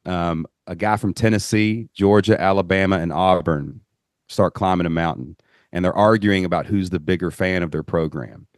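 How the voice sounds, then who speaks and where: A deep-voiced man with a Kentucky drawl hosts a casual podcast chat. He tells stories in a folksy, lively way, and the recording is close and dry. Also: normal speed, dry recording. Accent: Southern US (Kentucky). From Southeast Kentucky. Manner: animated storyteller, folksy phrasing. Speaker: podcast host.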